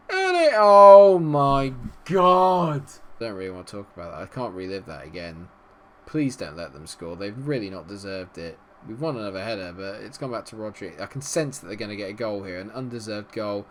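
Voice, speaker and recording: Excitable man commentating a football game. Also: medium pitch. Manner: excitable, swings from muttering to shouting. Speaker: gaming YouTuber. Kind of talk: let's-play commentary.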